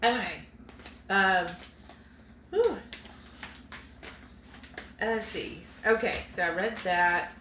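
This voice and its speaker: A woman's voice: medium pitch, takes it slowly, pauses often, a little hiss or hum. A woman hosting a cooking livestream at home, chatting casually and reading viewer comments aloud while she works. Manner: relaxed, chatty, reacts with hums while tasting. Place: home kitchen. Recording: echoey room, mic far off, clattering dishes.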